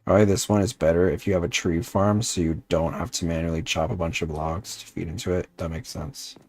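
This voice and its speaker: A man's voice: deep voice, fairly even intonation, a little fast, a little mellow, husky. A man streaming a modded game, grumbling at it and talking back to his chat, swearing now and then. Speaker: VTuber streamer. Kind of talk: casual gaming livestream chat.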